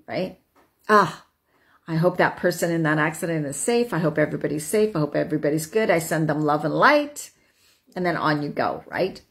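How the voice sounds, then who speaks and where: A woman in her fifties giving a casual self-help talk, chatty, tagging her points with "right?" and laughing as she goes. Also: fairly low pitch. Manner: chatty, frequent "right?", laughs while talking. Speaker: host.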